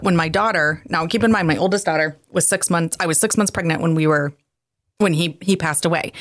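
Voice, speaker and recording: A middle-aged woman co-hosting a podcast, telling stories in a casual, animated way with frequent laughs. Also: fairly low pitch, no echo, studio quality. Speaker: podcast co-host. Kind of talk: casual chat.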